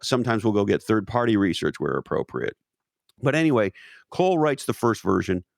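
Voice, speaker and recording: Man, low gravelly voice, emphatic, swears often, dry close sound. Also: very animated, fairly quick, no echo. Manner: profane, repetitive restarts, emphatic. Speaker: guest. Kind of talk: casual interview talk.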